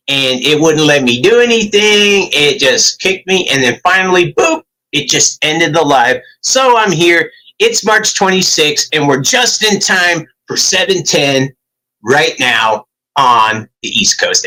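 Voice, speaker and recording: Bright-voiced man hosting a livestream. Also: fairly high pitch, poor audio. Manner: greets viewers by name, upbeat and chatty. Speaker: livestream host. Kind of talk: casual livestream chat.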